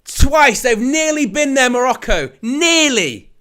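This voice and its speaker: A man hosts a live football watch-along, calling the play with a high, bright voice. He jokes with his viewers and laughs often, then rises to excited shouts when a chance goes close. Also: slow pace, smooth. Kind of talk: live play-by-play commentary and chat.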